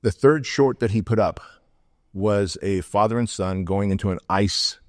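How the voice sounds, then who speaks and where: Brief: middle-aged male guest from the former Soviet Union, deep voice, dry close sound, punchy anecdotes. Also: normal speed, dry recording. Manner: energetic, blunt, slangy, acts out quotes. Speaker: podcast guest, entrepreneur. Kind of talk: casual podcast interview storytelling.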